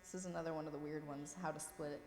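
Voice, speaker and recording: A woman's voice: deep voice, fairly even intonation, racing, a little mellow. Woman teacher, patient and encouraging, roomy classroom echo, long reverb, faint background hum. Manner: patient, encouraging, checks in often. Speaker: Coptic language teacher. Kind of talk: classroom lesson, reading words aloud.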